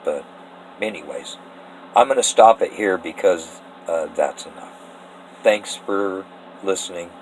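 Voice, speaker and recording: Deep-voiced, rambling, earnest man. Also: measured pace, long pauses, slight background noise, poor audio. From Eastern Washington, US. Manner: rambling, earnest, often laughing and emotional. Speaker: amateur story pitcher. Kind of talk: casual spoken story pitch.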